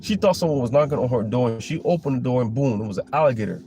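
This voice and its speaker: Man, casual preaching talk, rambling with fillers, mellow dark voice, faint hiss behind. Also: medium pitch, lively intonation, rapid-fire. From Florida. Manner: loose, rambling, with frequent fillers and restarts. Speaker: religious commentator.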